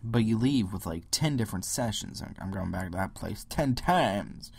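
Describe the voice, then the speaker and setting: Husky-voiced man ranting on a podcast. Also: on the low side, animated, normal speed, no room sound. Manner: ranting, mocking impressions, drops into whispers. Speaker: podcast host. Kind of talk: solo political rant.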